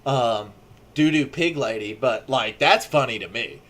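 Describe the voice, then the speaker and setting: A man's voice: medium pitch, unhurried, fairly bright tone. A young man chatting casually, telling a rambling story full of filler words and swearing. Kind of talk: casual chat.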